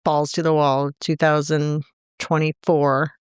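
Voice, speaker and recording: Middle-aged woman, stand-up comic, candid and chatty, clear smooth tone, dry close sound. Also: deep voice, level tone, dry recording. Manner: chatty, candid, quick to laugh. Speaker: comedian, podcast guest. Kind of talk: casual interview chat.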